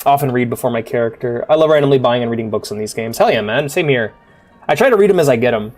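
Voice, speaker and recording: A man's voice: medium pitch, lively intonation, quick pace, a little mellow, soft background music. A man casually commenting while streaming a game, upbeat and chatty, laughing and swearing easily.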